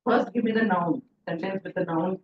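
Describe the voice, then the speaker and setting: A woman's voice: on the low side, fairly quick, a crowd in the background. Indian woman coaching teachers on pronunciation. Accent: Indian English. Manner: encouraging, chatty, praises often. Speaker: pronunciation workshop trainer. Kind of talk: teacher training workshop. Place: classroom or hall. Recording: echoey, distant, dull sound.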